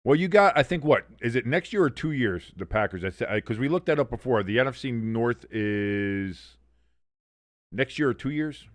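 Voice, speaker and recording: A man's voice: medium pitch, expressive, normal speed, no room sound. Guy rambling thru a live game watch-along, swears a lot, pretty dry sound. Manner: rambling, profane, conversational. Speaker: watch-along streamer and host. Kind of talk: casual live game commentary.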